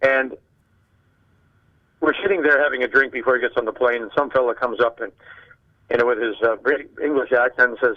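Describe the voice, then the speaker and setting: An older man from Canada, a guest sportscaster, chatting casually and telling animated anecdotes with acted-out dialogue. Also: medium pitch, fast, narrow, tinny audio. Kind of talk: casual conversation, storytelling.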